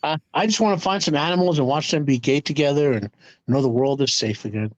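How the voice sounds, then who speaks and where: A man co-hosting a casual trailer reaction, blunt and wry with deadpan jokes. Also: fairly high pitch, fast talker, no echo.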